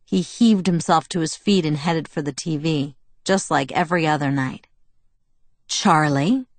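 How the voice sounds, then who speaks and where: Woman narrating a novel, low and dry. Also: moderate pace, a little mellow, no room sound. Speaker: audiobook narrator. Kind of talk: first-person novel narration.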